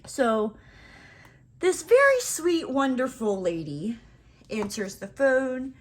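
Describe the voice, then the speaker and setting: Woman vlogger, slightly high voice, chatty and rambling as she tells a story while crafting. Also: slow. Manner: rambling and animated, heavy "like" and "you know" fillers.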